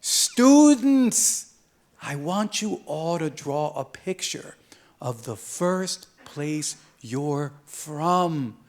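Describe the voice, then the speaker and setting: A man voicing a kind, calm woman schoolteacher in a storybook, speaking gently and quietly. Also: on the high side, very slow, voice pushed down, full character voice. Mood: encouraging.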